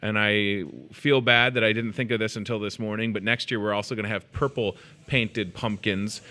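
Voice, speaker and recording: A man's voice: lowish voice, steady tone, moderate pace, pushed and bright. A man hosting a live in-store show, chatting casually in a jokey, rambling, self-deprecating way. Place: inside a grocery store.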